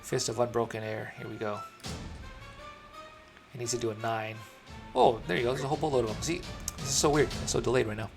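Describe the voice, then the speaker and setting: A man acting as dungeon master, narrating combat and fighting with the game software. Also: medium pitch, steady tone, fast, long pauses. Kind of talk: running a tabletop game online. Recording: clear background music.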